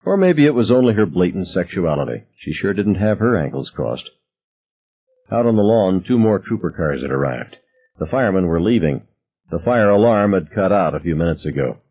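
A man narrating a novel in first person, with expressive storytelling. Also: low voice, moderate pace, husky, phone-quality sound. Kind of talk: audiobook narration.

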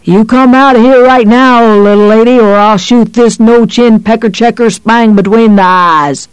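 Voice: medium pitch, expressive, takes it slowly, a little mellow, clean tone, no room sound, pitched above the performer's own voice, low-quality recording. A reader voicing a monstrous giant small-town cop who talks in a jovial, taunting drawl in an audiobook. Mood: menacing. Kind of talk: audiobook character voice.

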